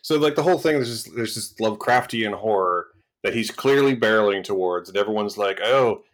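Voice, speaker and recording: A man co-hosting a podcast, explaining calmly in casual review chat with some hesitation. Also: on the low side. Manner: measured, hesitant with fillers, explaining. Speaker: podcast co-host.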